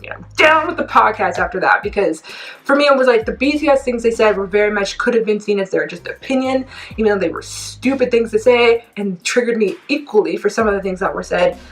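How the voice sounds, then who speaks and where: A woman in her twenties ranting casually to camera as a K-pop vlogger, animated and indignant, rambling and laughing between points. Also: medium pitch, a little fast, low-quality recording. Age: 20s.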